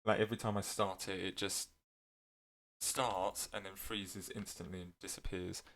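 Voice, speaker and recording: A man's voice: low-pitched, little pitch movement, normal speed, fairly bright tone. A man giving casual gameplay commentary, rambling with many fillers and self-corrections, his voice cracking now and then. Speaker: gameplay video creator.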